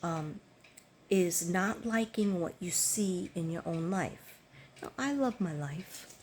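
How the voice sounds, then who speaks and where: A woman's voice: lowish voice, animated, slow pace, slight background noise. An older woman chatting casually to her viewers, rambling with many ums and restarts. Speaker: vlogger.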